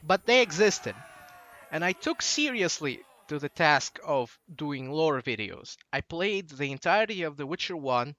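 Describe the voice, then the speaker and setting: Slow-talking young Russian-accented man. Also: on the high side, sing-song, sharp tone. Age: late teens. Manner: digressive, loses his train of thought. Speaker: channel host. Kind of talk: casual rambling monologue.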